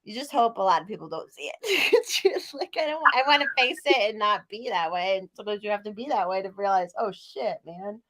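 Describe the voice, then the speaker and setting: A woman's voice: medium pitch, fast talker, few pauses, a bit bright. A woman co-hosting a podcast in casual chat, a little tipsy, rambling with lots of "like" and frequent laughs. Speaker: podcast co-host.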